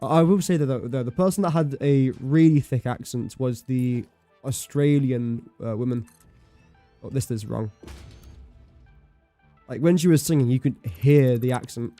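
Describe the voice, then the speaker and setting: A man's voice: mid-range voice, moderate pace, dark tone, no echo, soft background music. A young man chatting casually while livestreaming a game, rambling and correcting himself as he talks. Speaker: streamer. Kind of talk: casual gameplay livestream chat.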